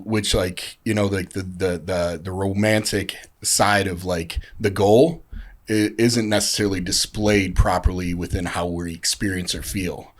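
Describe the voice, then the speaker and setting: A man in casual podcast talk, telling a heartfelt recovery story in a rambling way with many fillers. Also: sits low. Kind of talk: casual chat.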